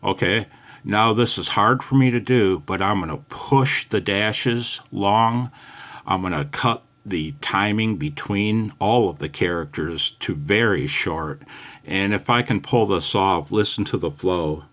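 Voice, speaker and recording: A man's voice: on the low side, a little slow, fairly bright tone. An older man giving a casual, chatty radio lesson, often calling the listener "man". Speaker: ham radio instructor.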